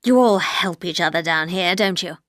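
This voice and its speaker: A woman's voice: on the low side, moderate pace, fairly bright tone, dry recording, clean studio sound, voice pushed down, close to an everyday voice. A woman doing a sneering bitter man.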